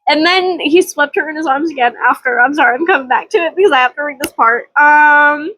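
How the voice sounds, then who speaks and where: A woman's voice: high-pitched, a little fast, few pauses, sharp tone, no echo, low-quality recording. A woman talking casually in a book vlog, gushing and emotional, and reading passages aloud. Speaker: book vlogger.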